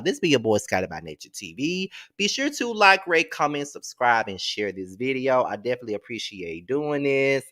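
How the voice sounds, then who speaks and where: A man's voice: medium pitch, bright, forceful tone. A man hosting a gossip commentary show, ranting in a blunt, slangy, exasperated way. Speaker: host. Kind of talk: casual commentary rant.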